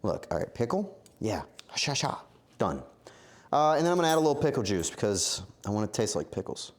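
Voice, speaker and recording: Man, streamer cooking at home, talks to chat, self-mocking, lively swooping voice. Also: medium pitch, fairly quick. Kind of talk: rambling live-stream chat while cooking.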